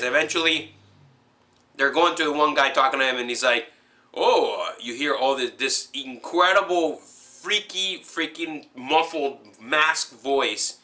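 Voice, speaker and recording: Rambling, bright-voiced guy recapping a movie. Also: medium pitch. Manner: rambling, full of fillers and restarts, excited. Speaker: movie fan recapping a film. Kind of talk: casual spoken movie recap.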